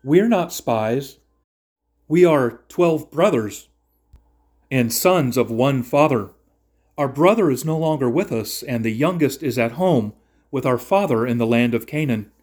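A man's voice: medium pitch, expressive, measured pace, darkish tone, breathy edge. A man voicing a group of frightened brothers who anxiously explain themselves. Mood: recounting.

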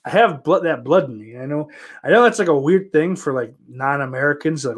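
A man's voice: fairly high pitch, animated, a little fast. Rambling, profane American man. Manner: rambling, profane, self-interrupting. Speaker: streamer. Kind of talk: casual chat answering viewer questions.

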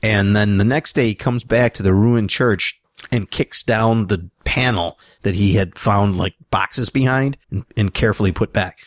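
A man's voice: fairly low pitch, moderate pace, no echo, studio quality. A man co-hosting a podcast, casually retelling a movie plot with rambling, profane asides. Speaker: podcast co-host. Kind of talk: casual film recap chat.

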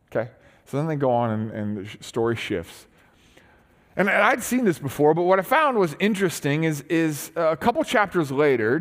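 A man preaching a sermon as pastor, retelling a story in casual, conversational terms with frequent restarts. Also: a little high. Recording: long hall reverb.

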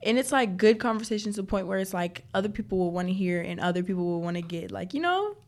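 A woman's voice: mid-range voice, lively intonation, quick pace, a little mellow. Laid-back young woman co-host. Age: young adult. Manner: casual, slangy, agreeable, laughs often. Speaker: podcast co-host. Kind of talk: casual chat.

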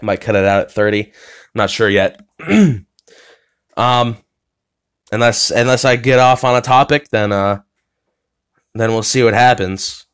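A man's voice: lowish voice, unhurried, long pauses, clean tone. Young man rambling on a solo podcast. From United States. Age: young adult. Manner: casual, swears, lots of fillers and restarts. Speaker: podcast host. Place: his bedroom.

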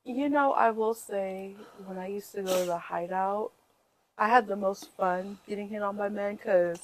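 A woman's voice: medium pitch, moderate pace, slight background noise, low-quality recording. A woman co-hosting a podcast, chatting casually and making dry, teasing remarks. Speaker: podcast co-host. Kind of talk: casual chat.

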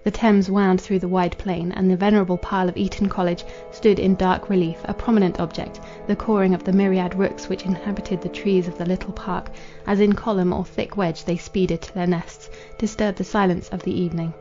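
A woman reading a classic novel aloud as a podcast narrator, in a measured, formal manner. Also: on the low side, level tone. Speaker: audiobook narrator. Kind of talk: scripted literary narration. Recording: dull lo-fi with faint music.

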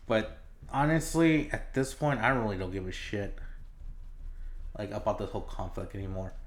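A man's voice: fairly low pitch, normal speed, long pauses. A man hosting a solo podcast, ranting in a casual, exasperated way, swearing often and rambling with fillers and restarts. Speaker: podcast host.

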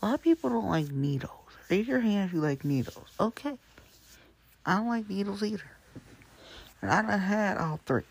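A gravelly show host with a slightly husky, breathy edge rambles through the day's news in loose, chatty talk. The delivery wanders from point to point and keeps slipping into quiet, hushed asides. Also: medium pitch, expressive, moderate pace. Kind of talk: casual news chat. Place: Hamilton County area.

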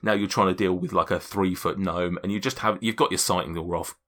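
A man narrating as game master of a tabletop game, halting with fillers and restarts. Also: deep voice, fairly even intonation, a bit bright. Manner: hesitant, many fillers and restarts.

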